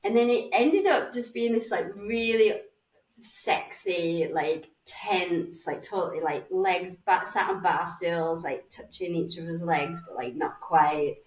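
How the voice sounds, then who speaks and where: A woman's voice: on the low side, a little slow. A woman in her forties with a Northern English accent, telling a dating story as a podcast guest in a chatty, sweary way. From Northern England. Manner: chatty, swearing, acts out voices. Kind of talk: casual chat, storytelling. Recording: roomy, slightly distant mic.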